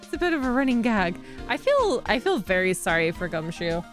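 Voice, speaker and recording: A woman's voice: medium pitch, very animated, brisk, soft background music. A woman streamer chatting casually while playing a game, reading text aloud and laughing at her own attempts. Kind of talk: casual game playthrough commentary.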